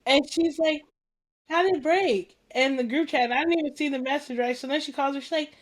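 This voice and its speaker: Lively slangy woman telling stories. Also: high voice, fast talker. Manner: animated storytelling, acts out quoted dialogue, laughs often; slangy and informal. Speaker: podcast host. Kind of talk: casual chat.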